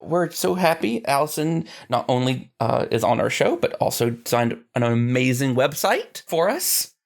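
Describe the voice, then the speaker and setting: A woman's voice: rumbling low, sing-song, normal speed, gravelly, a little mellow. Bubbly woman podcast host. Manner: upbeat and bubbly, laughs often. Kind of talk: casual chat.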